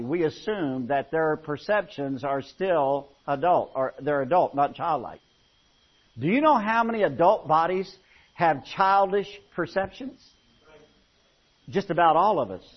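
A man's voice: on the high side, breathy edge. A man preaching a sermon, telling folksy, humorous stories and often restarting his phrases. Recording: dull lo-fi recording.

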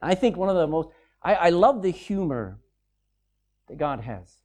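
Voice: medium pitch, very animated, a little slow, a little mellow. A preacher giving a sermon, reading scripture aloud and explaining it in a conversational, folksy way.

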